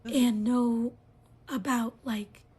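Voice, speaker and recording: A woman's voice: fairly high pitch, steady tone, drawn-out words, breathy edge. A woman whispering a casual monologue to her viewers. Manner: whispering, airy and hushed.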